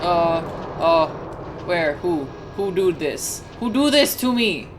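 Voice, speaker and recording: A woman's voice: fairly low pitch, expressive, slow pace, noisy background. A young woman streamer commentating live on a game, flustered and joking, with lots of exclamations.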